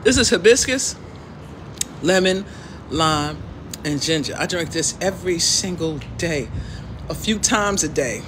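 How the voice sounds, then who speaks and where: A woman hosting a casual livestream outdoors, loud, preachy and joking as she lectures her viewers. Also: fairly low pitch, expressive, unhurried, long pauses, a little hiss or hum, rough recording. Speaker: livestream host. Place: outdoors in the sun.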